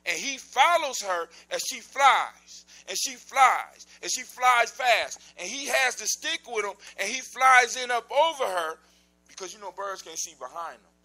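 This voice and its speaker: A man telling a folk tale live to children in a lively, animated way, with sound effects and shouted outbursts. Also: very high voice, measured pace, low-quality recording. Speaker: storyteller. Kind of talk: live oral storytelling to children.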